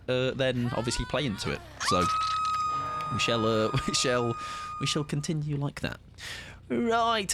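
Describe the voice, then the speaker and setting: A man's voice: medium pitch, noisy background. A man, chatting playfully while live-streaming a game and greeting viewers. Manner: playful, chatty, jokey asides. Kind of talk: casual live-stream commentary.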